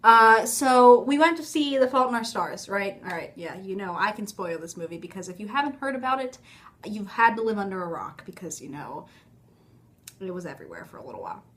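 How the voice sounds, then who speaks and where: A woman's voice: mid-range voice, big pitch swings, fairly quick, a bit bright. A young woman telling a rambling, chatty story to her phone camera at home, often stopping herself mid-sentence and laughing. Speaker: vlogger.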